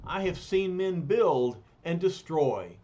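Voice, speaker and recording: A man's voice: a little high, big pitch swings, takes it slowly, warm tone. A man voicing a noble, weary male alien hero of a comic story, speaking in solemn, formal phrases. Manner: lofty, formal, solemn speech. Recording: dull lo-fi recording.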